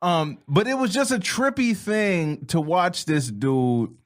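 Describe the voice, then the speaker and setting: A man's voice: sits high, expressive, slow pace. A man co-hosting a comedy podcast in casual banter, swearing freely and jumping into mocking impressions.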